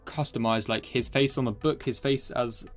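A young man hosts a casual screen-recorded editing tutorial, rambling and chatty and a bit out of breath as he calls his viewers "boys". His medium-pitched voice has fairly even intonation and a moderate pace. Soft music plays in the background.

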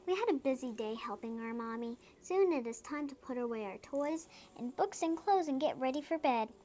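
A woman reading children's picture books aloud, chatting between pages and playing up the sound words in a lively, sing-song way. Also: sits high, normal speed, a little hiss or hum. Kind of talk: storybook read-aloud with casual chat.

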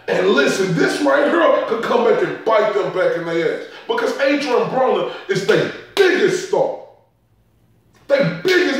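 A man's voice: extremely high pitch, far from the mic. A man ranting angrily about boxing in a profane, heated vlog commentary. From Dallas area. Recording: echoey room, voice off-mic.

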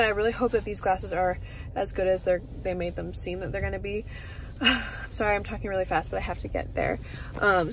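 A young woman in her twenties chatting casually to camera as a vlogger, full of "like" and "um" fillers. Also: mid-range voice. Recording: faint background noise.

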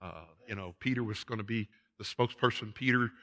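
In a church sanctuary, a pastor preaches with a lowish, slightly bright voice at a somewhat quick pace. He hammers his points through repetition and addresses the congregation as "folks."

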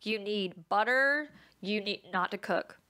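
Brief: woman podcaster, bright forceful voice, casual self-deprecating storyteller who laughs a lot. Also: mid-range voice, a little slow, clean tone. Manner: chatty and self-mocking, laughs often. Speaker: podcast host.

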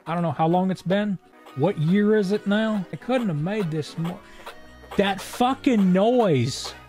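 A man's voice: sits high, unhurried, warm tone, faint music behind. A young man streaming a video game, delivering sarcastic, profane, wisecracking commentary as he plays. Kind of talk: let's-play commentary.

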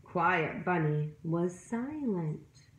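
A woman's voice: on the low side, lively intonation, drawn-out words, a little hiss or hum. A woman reading a picture book aloud to children, voicing animal sounds and asking her listeners questions. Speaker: storyteller. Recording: roomy echo.

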